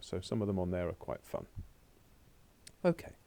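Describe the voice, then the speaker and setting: A man's voice: low voice, sing-song, moderate pace, gravelly, mellow, a little hiss or hum. A man teaching a recorded remote French lesson, chatting to himself as he works through slides on a laptop. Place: home or classroom desk at a laptop.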